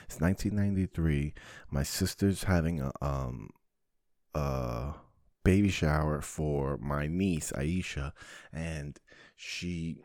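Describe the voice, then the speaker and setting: Deep voiced guy in his 40s, rambling swear-y stories, dry close sound. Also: slow pace, vocal fry, a little mellow, no echo. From New Jersey, US. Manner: rambling, profane, jokey. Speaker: podcast host. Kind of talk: personal storytelling monologue.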